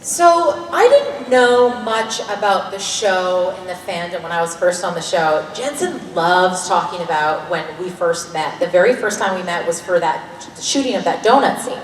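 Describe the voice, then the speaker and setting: A Canadian woman in her thirties, an actor answering fan questions on a convention panel in a lively, joking, candid way. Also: fairly low pitch, moderate pace, hardly any pauses. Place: large convention hall. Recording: echoey hall recording from far off.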